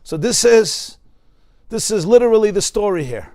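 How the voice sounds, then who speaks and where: A rabbi with a New York accent teaches a class in a high, lifted voice. He leans hard on key words and doubles them for stress. The sound is close and dry, with no room echo. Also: lively intonation, normal speed, a little mellow. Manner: emphatic, repeats words for stress, quotes Hebrew texts. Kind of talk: Torah class. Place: study hall class.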